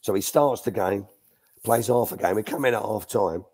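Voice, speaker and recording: A man's voice: fairly low pitch, normal speed, a little mellow, slightly rough. An older man, a former youth coach, telling anecdotes as a guest in a live Q&A, restarting sentences as he goes. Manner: chatty, restarts sentences, acts out quotes.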